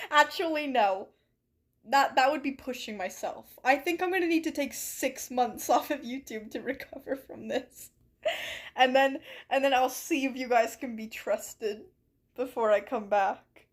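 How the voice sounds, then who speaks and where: High-voiced woman streamer, playfully dramatic. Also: unhurried. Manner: playful, mock-dramatic protests. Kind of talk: live-stream chat while gaming. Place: bedroom at home.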